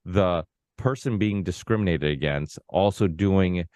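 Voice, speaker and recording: Unhurried and a little mellow, a deep-voiced podcast host of Portuguese background chats casually, rambling along with frequent restarts and asides. The sound is dry, with no echo.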